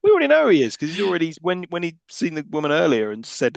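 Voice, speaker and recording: A man's voice: a little high, huge pitch swings, quick pace, creaky, few pauses, no room sound. A man co-hosting a podcast, ranting sarcastically about a film and swearing a lot. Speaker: podcast co-host. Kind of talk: casual film-recap chat.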